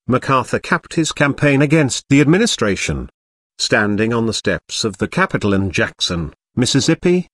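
A man reading a history audiobook aloud in a measured, even narration. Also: mid-range voice, no room sound, studio quality.

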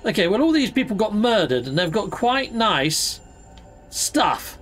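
A man's voice: sits high, sing-song, a little slow, fairly bright tone, faint music behind. A man hosting a let's play, chatting playfully as he loots and fights, full of exclamations and mild mock swearing. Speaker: gaming channel host.

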